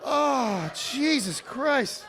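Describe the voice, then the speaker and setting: A comedian from Chicago telling animated stories on a comedy club stage, with sudden loud outbursts. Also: male voice, very high voice, drawn-out words, some chatter behind. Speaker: stand-up comedian. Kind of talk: stand-up set.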